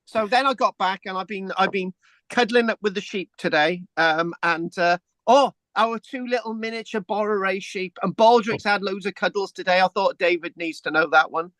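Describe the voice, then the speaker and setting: A man's voice: high-pitched, moderate pace, bright, forceful tone, no echo. A man from England hosting a casual chat, rambling through an anecdote, repeating words and tagging "right?" onto his sentences. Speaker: host.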